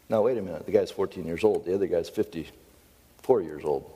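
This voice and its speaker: A middle-aged American pastor giving a folksy, conversational sermon with storytelling asides. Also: male voice, deep voice, brisk, mellow, husky, in a large hall.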